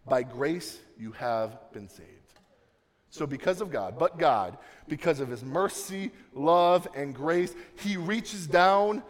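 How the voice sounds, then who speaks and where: A young man preaching a sermon, swinging from soft, low passages to loud, emphatic ones. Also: animated, slow. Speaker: pastor. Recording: long reverb of a large hall.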